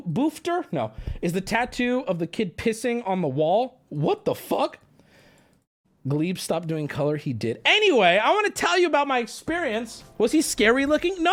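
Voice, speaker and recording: Young male streamer, high and lively voice, casual rambling storyteller. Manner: animated, rambling, swears freely, talks to chat.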